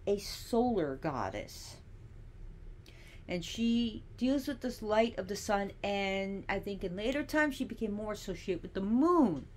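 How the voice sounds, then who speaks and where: A woman's voice: mid-range voice, slight background noise. A woman giving a casual teaching monologue, chatty and digressive, with sassy asides.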